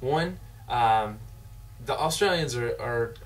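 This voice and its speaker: A wry, halting co-host lays out the show's segments at a mid pitch. He sits back from the mic, so his voice sounds distant. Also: expressive, slight background noise. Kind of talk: introducing a web show. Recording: voice from afar.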